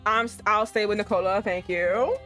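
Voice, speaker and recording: A young woman streamer reacting loudly and profanely while playing a romance visual novel. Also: mid-range voice, steady tone, moderate pace. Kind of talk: live-streamed gameplay reaction. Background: faint music.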